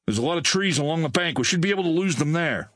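A man's voice: a little high, expressive, fast talker, fairly bright tone, no room sound, clean studio sound, voice pushed up. A man voicing a grim, seasoned male military helicopter pilot with a clipped, commanding delivery.

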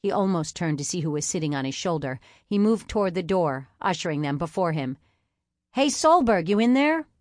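A woman with a low voice reads a novel aloud in a measured, even manner. Her voice is close and dry, with no room sound at all. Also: no room sound. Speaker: audiobook narrator. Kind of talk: scripted narration.

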